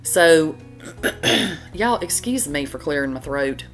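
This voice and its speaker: A woman's voice: deep voice, lively intonation, slow, soft background music. A middle-aged woman, hosting a cooking channel in a chatty, folksy voiceover. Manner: chatty, folksy, says y'all a lot. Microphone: voiceover mic.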